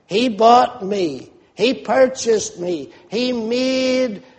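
A man preaching a sermon in a measured, emphatic way, repeating phrases for stress. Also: sits high, darkish tone. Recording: long reverb of a large hall.

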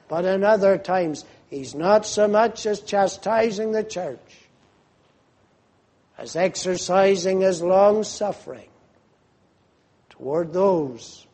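A man preaching a fervent sermon, slow and emphatic, rising to loud cries when quoting pleas to God. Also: high-pitched.

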